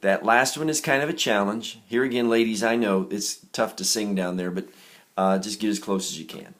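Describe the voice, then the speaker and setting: A man teaching a music reading lesson, patient and gentle, walking students through rhythm exercises. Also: lowish voice. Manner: patient, gentle instructor, demonstrating rhythms by singing syllables.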